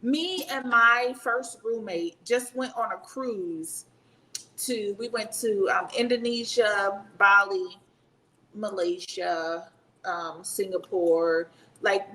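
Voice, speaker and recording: A woman in her fifties, a retired Army sergeant major, telling stories in a casual interview, animated and laughing as she talks. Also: on the high side, takes it slowly, a little hiss or hum, low-quality recording.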